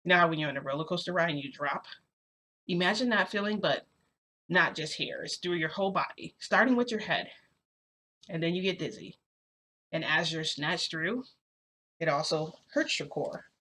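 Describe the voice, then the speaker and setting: A young woman with a bright, forward voice spins a casual first-person story for her viewers. Her talk is loose and chatty, full of "like" and "you know," and she keeps turning to speak straight to the audience. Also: lowish voice, expressive, moderate pace, long pauses. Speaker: storytime vlogger.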